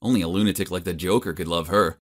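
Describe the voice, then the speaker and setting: A man narrating a first-person story as an awkward, nerdy teenage boy, animated and exasperated. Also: low-pitched, fast. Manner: animated, exasperated, self-mocking.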